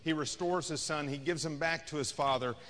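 A man's voice: on the high side, a little fast, fairly bright tone. Man preaching in a reverberant hall. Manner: conversational preaching, rising and falling in intensity. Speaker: pastor. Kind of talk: sermon. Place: church sanctuary.

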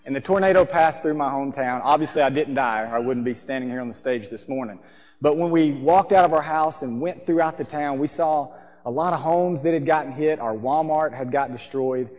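A man, preaching a sermon from a church stage and telling a lively story. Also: medium pitch, brisk. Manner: storytelling, animated, acts out voices. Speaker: pastor. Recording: long hall reverb.

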